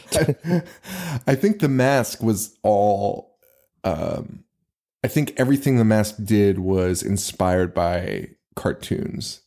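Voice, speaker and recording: A man's voice: on the low side, expressive, slow pace, gravelly, dark tone. A man co-hosting a horror podcast, recapping a movie in casual chat, laughing often and swearing in disbelief. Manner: profane, laughing, incredulous. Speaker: podcast co-host.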